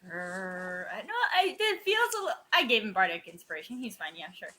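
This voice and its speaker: A woman's voice: medium pitch, very animated, normal speed, bright, forceful tone. A woman playing a tabletop game, playful and teasing.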